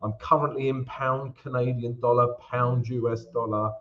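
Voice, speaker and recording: A man's voice: mid-range voice, level tone, normal speed, dull audio. A man hosting a casual live-stream Q&A about trading, chatty and greeting viewers by name, calling them guys and mate.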